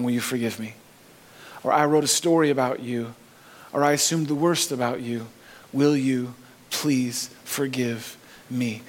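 Man, pastor, church sermon, earnest emphasis, higher pitch. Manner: earnest preaching, rising emphasis on key phrases.

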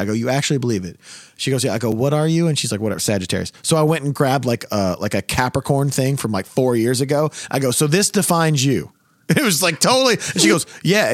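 A man in his thirties hosting a casual podcast chat, telling stories in a loud, profane, animated way. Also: mid-range voice, fast talker, no echo, studio quality. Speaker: podcast host.

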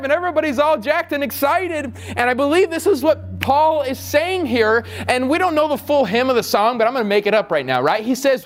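A man's voice: extremely high pitch, big pitch swings, moderate pace, soft background music. A male pastor giving a sermon, chatty and joking at first, then building into fervent, repeated calls.

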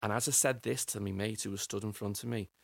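A middle-aged man rambles through a memory, repeating words as he goes. His voice is low, gravelly and husky, recorded dry and close on a podcast mic. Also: steady tone, fast, no echo. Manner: rambling, repeats words while finding them. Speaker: podcast guest. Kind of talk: personal storytelling interview.

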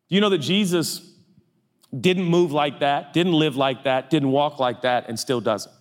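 Middle-aged male pastor, lively and self-mocking preaching, slightly high voice, long hall reverb. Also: unhurried. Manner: animated, self-mocking, jumps into high silly voices for comic bits. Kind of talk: sermon. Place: church auditorium.

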